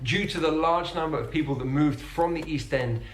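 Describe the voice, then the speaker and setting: A man giving clear, measured, scripted explanations as a teacher. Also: fairly high pitch, echoey room, slight background noise. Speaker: English teacher.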